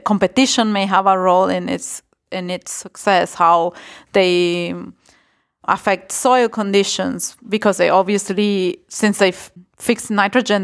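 A young woman ecologist as a podcast guest, talking enthusiastically with restarts and little laughs. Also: mid-range voice. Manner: enthusiastic, chuckles between phrases, hesitant restarts. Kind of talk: casual podcast interview.

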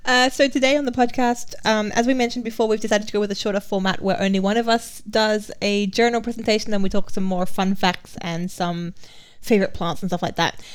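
A woman's voice: medium pitch, fairly even intonation, fairly quick, clear, resonant tone. A woman co-hosting a casual podcast, teasing her co-host with sweary banter.

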